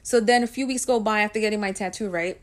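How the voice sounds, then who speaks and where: A woman's voice: medium pitch, fast talker. Woman vlogger, chatty personal storyteller, loose and conversational with plenty of filler words. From Guyanese and Puerto Rican heritage. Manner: chatty, with frequent ums and likes.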